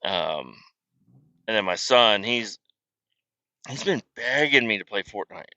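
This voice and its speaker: A man's voice: lowish voice, animated, slow pace, bright, forceful tone, dry recording. A man hosting a casual podcast, rambling through family stories in a profane, self-deprecating way while on the road. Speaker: podcast host. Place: car.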